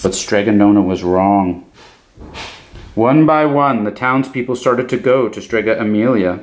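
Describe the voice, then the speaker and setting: A man reading a children's picture book aloud as a clown storyteller, in an expressive manner. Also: fairly low pitch, a little slow. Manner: expressive, animated.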